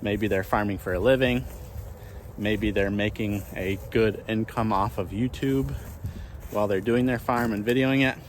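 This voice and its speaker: A man's voice: fairly low pitch, fairly even intonation, moderate pace, slight background noise. A man who runs a small farm and hosts his own channel. He talks casually, thinking aloud with many restarts, while walking outdoors across his pasture. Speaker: small farmer and channel host.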